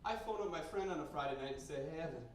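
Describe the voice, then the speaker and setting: A young man from Canada works a basement bar crowd with crude, rambling stand-up that keeps bursting into loud rants. His voice sits a little high for a man. The room is very echoey, and he sounds far from the recorder, with faint bar noise behind him. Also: expressive, fast talker. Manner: brash, crude, rambling storytelling with sudden loud outbursts. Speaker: stand-up comedian. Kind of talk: stand-up comedy set. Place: basement bar comedy night. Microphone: handheld stage mic recorded by a camera in the room.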